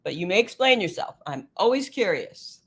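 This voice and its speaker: Chatty middle-aged woman, lively voice. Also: normal speed, husky. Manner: chatty and emotional, laughs often, lively pitch. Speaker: livestream host. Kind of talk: casual livestream chat reading comments.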